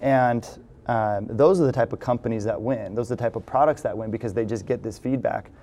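A man hosting a casual interview, talking in a relaxed, rambling way with many fillers. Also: medium pitch, fairly quick. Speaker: podcast host.

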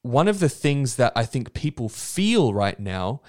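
A man speaks earnestly about faith on a studio podcast. His voice sits in an ordinary middle pitch, and he reflects with loose fillers and restarts. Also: very animated, a little slow. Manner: earnest, preachy, fond of "you know" and "um". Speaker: podcast co-host. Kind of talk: casual faith discussion.

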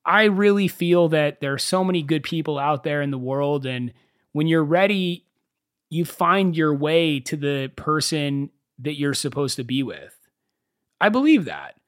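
Young male solo podcaster, animated storyteller, slightly high voice, dry close sound. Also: measured pace, no echo. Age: young adult. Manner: animated storyteller, swears freely. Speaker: podcast host. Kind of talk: casual solo podcast monologue.

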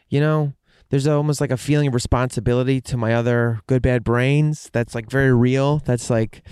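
A man's voice: mid-range voice, steady tone, a little fast, a little mellow, smooth, dry recording, clean studio sound. A man talking candidly in a casual monologue, rambling with fillers and frequent swearing.

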